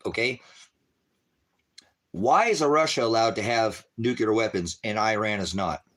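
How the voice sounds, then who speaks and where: Middle-aged man, livestream preacher type, bright forceful delivery, profane and combative with chat. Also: mid-range voice. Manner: profane, shouting at chat viewers. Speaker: livestream ministry host. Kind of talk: angry livestream rant.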